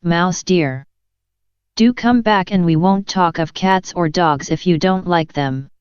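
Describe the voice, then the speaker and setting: A polite young girl , read by a woman, chatters on eagerly and rambles, her words slow and carefully paced. The voice is slightly low and very clear, with a dry, lo-fi sound. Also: a little mellow, dry recording. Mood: soothing. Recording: dull lo-fi dry recording.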